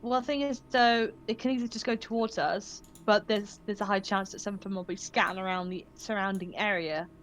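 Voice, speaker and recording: A woman's voice: medium pitch, steady tone, fairly quick, hardly any pauses. Tactical woman player, faint hiss. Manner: thoughtful, tactical. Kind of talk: casual tabletop play.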